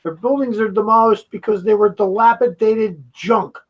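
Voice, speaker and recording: A man's voice: sits high, moderate pace, highs cut off. A man giving a heated, profane reaction commentary, mocking the video he is watching.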